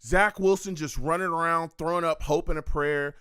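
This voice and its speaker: A man's voice: on the high side, fairly even intonation, normal speed, a bit bright, clean tone, no room sound, clean studio sound. A man hosting a live football game reaction stream, groaning and exasperated as he reacts and reads chat comments.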